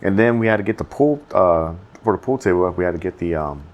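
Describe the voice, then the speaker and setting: The audio sounds dull as a young man co-hosting a podcast speaks quickly in a voice that sits low. Swearing frequently, he tells an animated story in casual chat and performs what people said.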